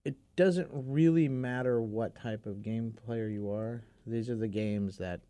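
Man, podcast panelist, relaxed and wry, dry studio sound. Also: mid-range voice, unhurried, no room sound. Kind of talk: casual chat.

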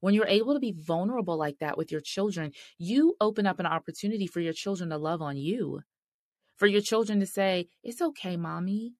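A woman's voice: fairly low pitch, animated, a little fast, dry recording, studio quality. A middle-aged woman hosting a faith-based marriage podcast, talking directly and earnestly to listeners. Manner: earnest, direct, addresses listeners as "y'all" and "sis". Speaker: podcast host.

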